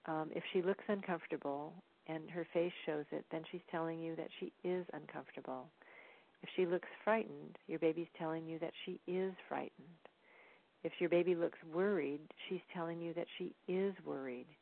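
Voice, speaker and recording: A woman with a low, gravelly voice explains parenting in a calm, teaching manner, often pausing on "um". Her voice comes through thin and tinny, like a phone line. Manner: calm, explanatory, frequent "um" fillers. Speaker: parenting educator. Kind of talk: instructional talk.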